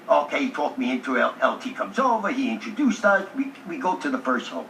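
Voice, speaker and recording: A man being interviewed, telling a lively anecdote with a streetwise, joking delivery. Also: medium pitch, fast, few pauses, a little hiss or hum. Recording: echoey room, distant mic.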